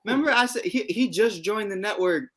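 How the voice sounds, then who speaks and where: A man's voice: sits high, a little fast, a bit bright. A man co-hosting a casual sports talk show, laid-back and joking. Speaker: co-host.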